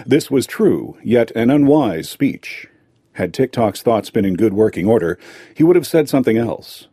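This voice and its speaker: A man narrating a fairy tale aloud in a lively storytelling manner. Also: mid-range voice, moderate pace, breathy edge, no room sound, studio quality.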